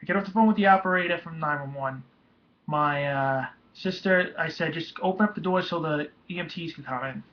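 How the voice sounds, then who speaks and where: A young man telling a painful personal story in a halting, emotional way, with many restarts. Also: fairly high pitch. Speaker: vlogger. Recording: dull lo-fi home recording.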